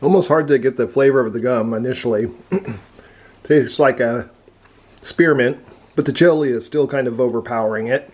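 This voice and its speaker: With a darkish, medium-pitched voice, a male food reviewer talks at a normal speed, leaving long pauses. He chews and speaks with his mouth full during a casual taste test.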